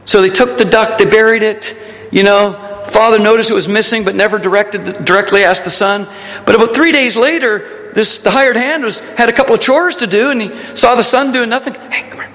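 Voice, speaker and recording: A man's voice: high voice, brisk, a bit bright, big-room sound, muffled recording. A male pastor preaching a conversational sermon, asking the congregation questions and telling stories.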